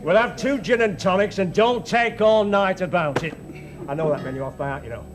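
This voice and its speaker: A man's voice: sits high, fairly quick, natural voice. A man playing a rude, boastful restaurant customer who blusters and bosses the waiter around, in a TV comedy sketch. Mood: blustering. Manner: blustering, bossy. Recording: TV studio, loud audience and music.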